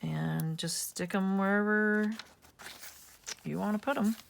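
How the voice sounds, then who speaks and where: A woman's voice: medium pitch, takes it slowly, vocal fry, a little hiss or hum. A woman hosting a casual craft tutorial, chatting and thinking aloud as she works at home. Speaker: craft channel host.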